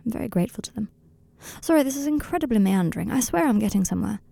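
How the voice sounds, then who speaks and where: A woman's voice: on the high side, animated, rapid-fire, vocal fry, heavily acted. Woman reading as a tender young wizard man. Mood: confiding. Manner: softly confiding, a little rambling. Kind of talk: audiobook reading of a fan story.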